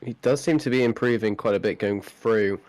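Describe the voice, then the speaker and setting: Lower-voiced man in sim race commentary. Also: brisk, a little mellow. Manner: dry, joking banter.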